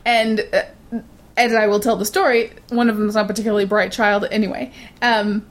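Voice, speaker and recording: A woman's voice: mid-range voice, flat delivery, fairly quick. A woman telling a casual story to a friend, blunt and swearing freely, acting out the voices of people she quotes.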